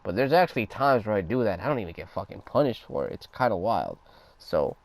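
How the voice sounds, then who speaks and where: Profane, casual gamer man, low voice. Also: expressive, brisk, creaky. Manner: profane, loose and conversational, talks over gameplay. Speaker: gaming guide creator. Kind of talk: casual gameplay tutorial commentary.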